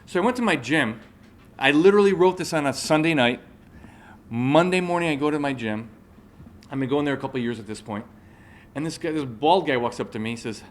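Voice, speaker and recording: A man's voice: a little high, expressive, a little fast, fairly bright tone. Man giving a chatty motivational talk. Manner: conversational, checks in with the audience. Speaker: motivational speaker. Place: room with a live audience.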